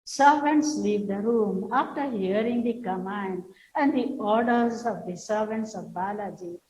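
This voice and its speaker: Casting: woman schoolteacher, slow explaining delivery, echoey room with faint hiss. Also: mid-range voice, darkish tone. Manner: retells a story slowly, explaining word meanings. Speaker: teacher. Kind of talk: classroom story lesson explaining English.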